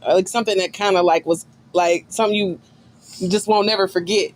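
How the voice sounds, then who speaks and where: A woman's voice: medium pitch, steady tone, fairly quick, a little hiss or hum. Teasing woman radio host. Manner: teasing, laughing interviewer. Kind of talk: casual radio interview chat. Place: radio studio.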